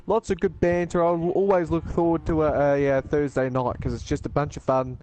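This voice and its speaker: A man's voice: on the high side, little pitch movement, brisk, darkish tone. A man co-commentating on a sim racing league, laid back and chuckling through friendly banter.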